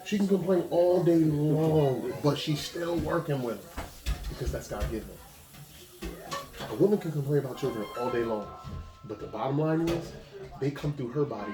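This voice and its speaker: Man preaching in an echoey room. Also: fairly high pitch. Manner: conversational, exhortative, speaks straight to a listener. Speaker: pastor. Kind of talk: informal preaching to a gathering. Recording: echoey room with a crowd behind.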